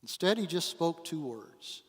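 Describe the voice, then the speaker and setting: A man preaching a sermon as a guest pastor, telling a story dramatically with long pauses and big swings between quiet and loud. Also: fairly high pitch, sing-song, breathy edge. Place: church sanctuary. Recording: church hall with long reverb.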